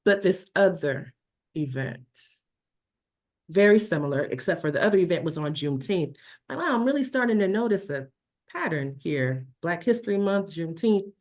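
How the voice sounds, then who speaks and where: Low-voiced woman on a video call, telling her story with lots of um's and restarts. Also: normal speed. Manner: animated storytelling with many fillers and restarts. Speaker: speaker presenting slides. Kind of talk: personal account in a talk.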